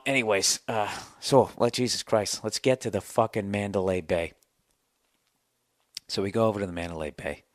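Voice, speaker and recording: A man in his forties rants on his podcast with sarcastic, profane asides. His voice sits a bit low. The close studio mic sounds dry. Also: no echo. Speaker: podcast host. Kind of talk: casual comedic rant.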